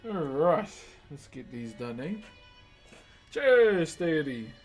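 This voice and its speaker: A man's voice: mid-range voice, lively intonation, unhurried. A man with a New Zealand accent chatting casually with viewers on a live stream while he works, friendly and laid-back, calling people bro. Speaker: live-streaming wood carver. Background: music.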